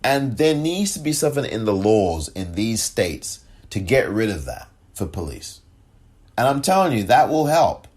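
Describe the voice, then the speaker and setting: A man giving impassioned political commentary, angry and sarcastic, often rising in pitch as he rants. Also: a little mellow.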